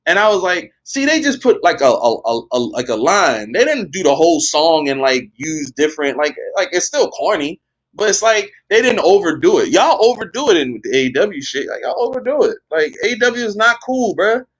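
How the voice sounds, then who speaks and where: Male podcast co-host, high lively voice, blunt profane rant, dull lo-fi audio. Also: a little fast. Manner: blunt, profane, exasperated ranting. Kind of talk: casual ranting chat.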